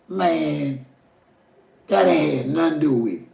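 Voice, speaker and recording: Southern guy ranting at his viewers, gravelly voice kinda high, echoey room. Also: animated, measured pace, long pauses, dark tone. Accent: Southern American. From Southern United States. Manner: folksy, preachy, addresses viewers as y'all. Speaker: commentary vlogger. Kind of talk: casual opinion rant.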